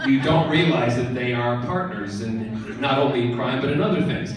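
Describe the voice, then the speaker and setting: A man on stage at a fan convention panel, teasing the audience and telling a lively anecdote. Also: mid-range voice, moderate pace. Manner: playful, teasing, theatrical. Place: large convention hall. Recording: echoey hall taped from far off. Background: audience crowd.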